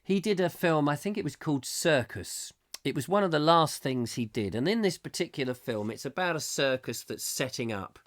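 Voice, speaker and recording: A man's voice: fairly high pitch, animated, normal speed, a bit bright. A man, hosting a live comic chat show and telling a meandering story full of restarts. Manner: meandering, with many restarts, acting out scenes. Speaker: host.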